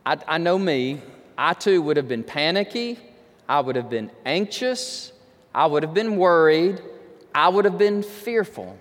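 A man's voice: a little high, big-room sound. A man preaching a sermon, talking conversationally and building to impassioned pleading. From Texas. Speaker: pastor.

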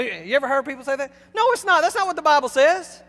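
High-voiced pastor preaching in a reverberant hall. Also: male voice, very animated, fast. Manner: emphatic, preacherly, swings between loud and hushed. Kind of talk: sermon. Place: church sanctuary.

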